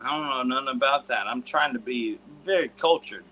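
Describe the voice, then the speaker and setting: A man's voice: medium pitch, brisk, pushed and bright, low-quality recording. A man co-hosting a podcast, speaking in a laid-back, wry and profane way in casual chat.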